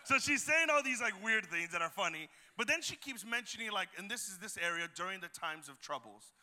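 Young male youth pastor, jokey storytelling sermon, high bright voice, long hall reverb. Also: a little fast. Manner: animated and jokey, acts out voices in anecdotes. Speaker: guest preacher and youth pastor. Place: church auditorium.

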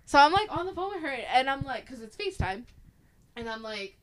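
A woman host telling a scary story in casual chat, animated and profane, acting out the people she quotes. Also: sits high, fairly quick, slight background noise.

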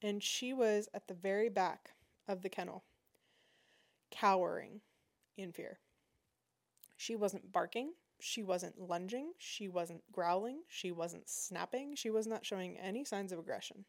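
A woman hosting a podcast, telling a personal story in a lively, indignant way. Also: medium pitch, measured pace. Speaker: podcast host. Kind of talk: casual storytelling.

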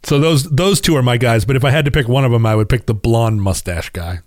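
A man's voice: mid-range voice, brisk, no room sound, clean studio sound. A man co-hosting a film review podcast, telling stories with laughs and restarts in casual chat. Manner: animated, laughing storyteller with many restarts. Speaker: podcast co-host.

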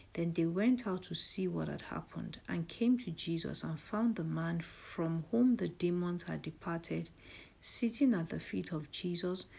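Husky low-voiced woman leading a devotional. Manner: soft, often breathy half-whispered delivery. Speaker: devotional host. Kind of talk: devotional prayer and scripture reading.

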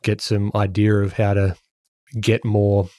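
A man's voice: lowish voice, flat delivery, measured pace, mellow, dry recording, studio quality. A man and podcast co-host chatting casually, rambling and explaining with lots of restarts. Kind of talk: casual chat.

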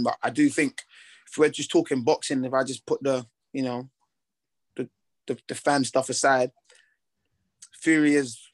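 A young man talks easily about his fights. His voice sits at an ordinary pitch, and he rambles with slang and restarts. He sounds relaxed and sure of himself. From Britain, with Ghanaian heritage. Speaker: boxer, interview guest. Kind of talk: casual interview chat.

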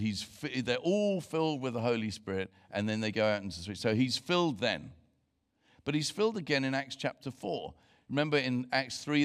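A man's voice: mid-range voice, a bit bright. A man preaching a sermon as pastor, emphatic and earnest, breaking into joking asides with his congregation.

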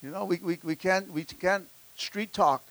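A man's voice: sits high, normal speed, a bit bright. A man preaching a sermon as pastor, fervent and calling out to the congregation, often repeating words as he restarts his lines. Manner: fervent preaching with call-and-response.

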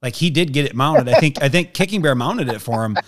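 A man telling a hunting story in a lively way, acting out the voices of the people in it. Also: medium pitch, fairly quick.

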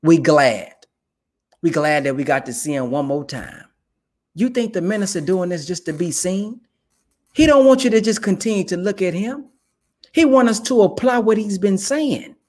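Young man preaching his point, high voice. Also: animated, normal speed, darkish tone. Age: young adult. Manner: emphatic, preachy, colloquial. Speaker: commentator. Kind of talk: casual direct-to-camera commentary.

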